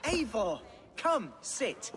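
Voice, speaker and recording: Game role: a vain, theatrical young lord, high, bright and swooping. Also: male voice, very animated, very slow, heavily acted. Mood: grandiose. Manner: pompous and theatrical. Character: boastful flowery young male lord.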